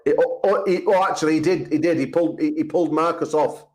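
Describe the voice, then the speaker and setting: Brash, swearing English host. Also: male voice, a little high, fast, darkish tone, rough recording. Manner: profane, brash trash talk. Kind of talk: rowdy call-in chat show banter.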